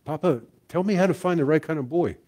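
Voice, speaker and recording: A man's voice: on the high side, fast, a little mellow, voice pushed up, close to an everyday voice. An older man quoting his teenage granddaughter, earnest and pleading, in a voice only slightly raised. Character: teenage girl, worried and unsure of herself.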